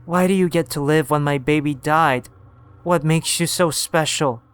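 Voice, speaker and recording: Guy doing a grieving old lady, bitter and accusing, smooth clear voice, horror story. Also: on the high side, voice pushed up, natural voice. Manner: quiet and slow, then screaming. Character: fierce grieving old woman, bitter and wild.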